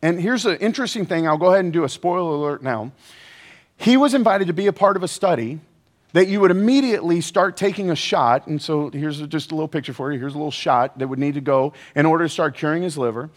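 Lively high-voiced male preacher. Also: fast. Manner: energetic, joking, asks the audience questions. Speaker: pastor. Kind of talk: sermon.

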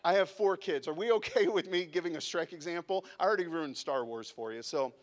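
Lively high-voiced male preacher. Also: brisk. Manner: animated, conversational preaching with sudden drops to a hush. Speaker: pastor. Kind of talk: sermon. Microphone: handheld mic, sometimes set down.

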